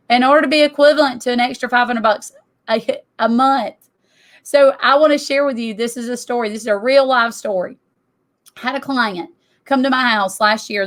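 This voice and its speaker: Middle-aged woman, a touch higher voice, emphatic and conversational; presenting to an audience. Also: fairly bright tone. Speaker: tax business owner.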